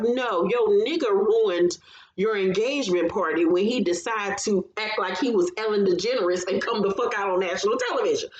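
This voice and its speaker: A woman recapping a reality TV episode in casual chat, telling it with animated, profane storytelling and acting out what people said. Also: medium pitch, dull audio. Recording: roomy echo, faint background noise.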